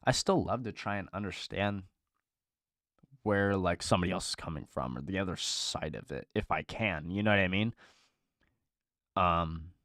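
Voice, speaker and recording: A man's voice: deep voice, moderate pace, long pauses, fairly bright tone, dry recording, studio quality. A young man hosting a live stream in casual chat, blunt and profane, with lots of "bro" and "dude".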